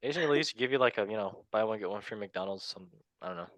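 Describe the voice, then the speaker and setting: A man's voice: lowish voice, quick pace, a bit bright, no room sound. A man hosting a football talk show in a playful, joking way. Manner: playful, joking, laughs often. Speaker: host. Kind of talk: casual chat. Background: faint background music.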